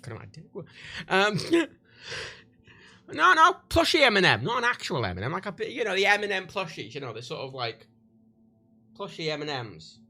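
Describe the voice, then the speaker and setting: A man's voice: high voice, huge pitch swings, normal speed, long pauses, bright, forceful tone. A man with a British accent chatting on a livestream in a rambling, crude way, often breaking off and restarting. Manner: rambling, crude, self-interrupting. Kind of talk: casual livestream chat.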